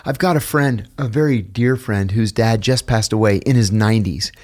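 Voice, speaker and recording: Animated middle-aged man telling stories. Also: fairly low pitch, normal speed. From United States. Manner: animated storyteller, acts out quoted voices, laughs at own stories. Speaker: podcast guest. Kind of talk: casual storytelling interview.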